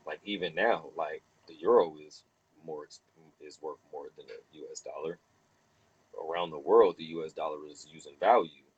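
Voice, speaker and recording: A man hosting a heated casual discussion, animated and profane, preaching and acting out other people. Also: low-pitched, breathy edge, highs cut off.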